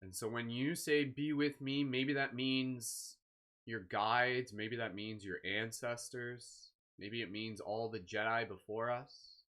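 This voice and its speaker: A man leading a live guided meditation, speaking slowly and soothingly with gentle encouragement. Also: mid-range voice, fairly even intonation. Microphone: live stream microphone.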